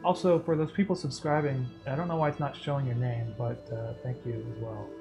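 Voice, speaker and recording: A man streaming live as he animates, talking in a soft, rambling way with lots of fillers. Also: mid-range voice, fairly even intonation, fairly quick, vocal fry, over music. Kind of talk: casual live-stream chat while drawing.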